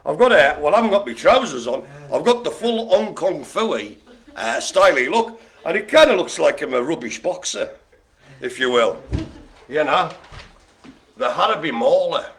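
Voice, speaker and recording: A man hosts a live online bingo game with jokey, rambling banter. His voice is gravelly and slightly raised, and his pitch swings widely as he talks. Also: big pitch swings, normal speed, fairly bright tone. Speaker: host.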